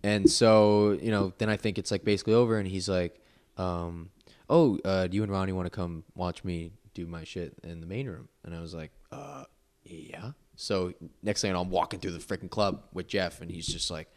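A man's voice: sits low, normal speed, darkish tone. A young man, a podcast guest, telling a long casual story full of "like" and "you know.". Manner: rambling, filler-heavy storytelling with lots of "like".

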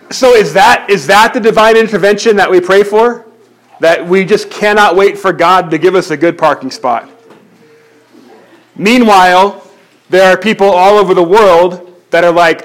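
A man delivers a sermon in a conversational, animated way, his voice sitting fairly high for a man. He often restarts mid-sentence as he works through his points. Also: normal speed. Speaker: pastor.

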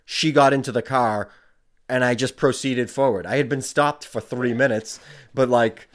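A man's voice: medium pitch, normal speed. A young man, a comedian guest on a podcast, telling a casual story with lots of fillers and acted-out back-and-forth. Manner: rambling, filler-heavy, retells exchanges in dialogue.

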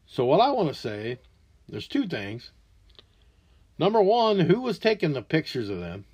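A man in his forties vents on his solo podcast with a slightly high-pitched voice. He swears constantly and bounces between shouted outbursts and muttered asides. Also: huge pitch swings, measured pace, husky. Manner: angry, profane, loud outbursts then low mutters. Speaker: podcast host. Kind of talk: ranting solo monologue.

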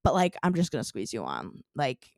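Animated woman telling a story. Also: a bass voice, fairly quick, no room sound, clean studio sound. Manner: animated storytelling, lots of "like" fillers. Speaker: podcast co-host. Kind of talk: casual chat.

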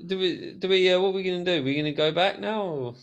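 A man's voice: sits high, highs cut off, crowd noise. A man playing a tabletop game, chatting casually, who swears now and then. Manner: slow, relaxed, swears casually.

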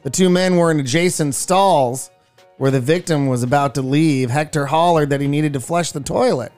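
A man's voice: fairly high pitch, moderate pace, a little mellow, soft background music. A man co-hosting a morning radio show, bantering casually and slipping into silly put-on voices for his stories.

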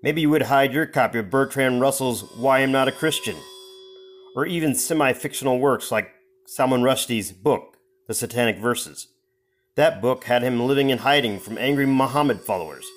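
A man's voice: medium pitch, normal speed. A man reading a scripted advertisement in a dramatic, announcer-like way. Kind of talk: scripted ad read.

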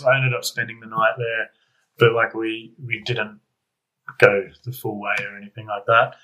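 A man's voice: medium pitch, bright, forceful tone, low-quality recording. A young man, casually telling a rambling anecdote as a guest. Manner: rambling, self-correcting anecdote with laughs. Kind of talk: casual storytelling.

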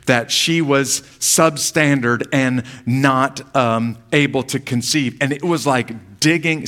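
A man preaching an earnest, pleading sermon as pastor, rising in force when he reads scripture and sinking low and soft at the ends of his phrases.

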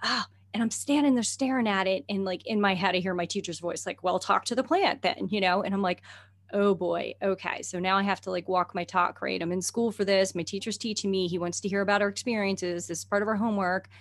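A chatty middle-aged woman tells a story in a relaxed conversation. She talks animatedly, laughs often and fills her sentences with "you know" and "like". Her voice sits at an ordinary pitch for a woman. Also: brisk. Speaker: guest herbalist and naturalist.

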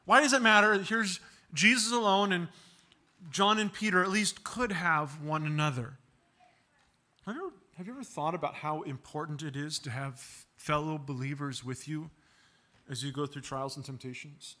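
With a fairly high, bright, pushed voice at normal speed, a pastor preaches earnestly. He uses rhetorical questions and acted-out dialogue, repeating words to build his points.

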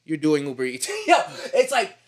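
Animated New man telling stories. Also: on the high side, normal speed. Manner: animated storyteller, profane street slang. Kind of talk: casual chat.

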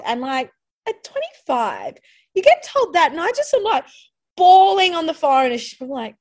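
A woman's voice: extremely high pitch, big pitch swings, normal speed. An Australian woman sharing a personal story in casual conversation, chatty and full of "like" fillers. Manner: chatty, lots of "like" fillers, laughs while telling. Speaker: podcast guest.

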